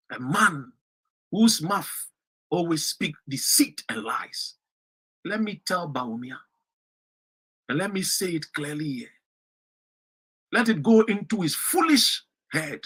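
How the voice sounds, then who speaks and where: A man from Ghana with a Ghanaian English accent, giving an impassioned political speech that swings from shouts to low, pointed emphasis. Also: breathy edge. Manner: fiery, rising to shouts and dropping to low emphasis. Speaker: political commentator.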